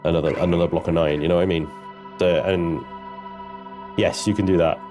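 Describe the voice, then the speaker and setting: A male streamer talks through his game live, joking and swearing with his chat. His voice sits on the low side. Soft music plays quietly underneath. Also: fairly even intonation, a little fast. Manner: chatty, swearing, banters with chat. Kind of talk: live gameplay commentary.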